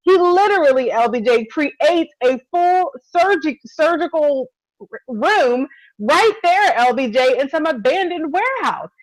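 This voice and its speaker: A woman co-hosting a casual TV recap chat, expressive and quick to laugh. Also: sits high, dry recording, low-quality recording. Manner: expressive, laughs often, keeps addressing co-host. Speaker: podcast co-host.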